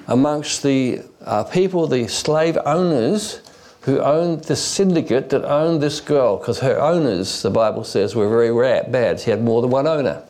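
Male preacher, mid-pitched, digressive storyteller who often restarts and uses fillers. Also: a little mellow. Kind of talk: expository sermon.

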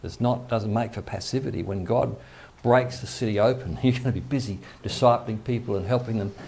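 A man's voice: lowish voice, a little fast, creaky, a little mellow. A male pastor giving a conversational sermon, acting out quoted voices, with faint background noise.

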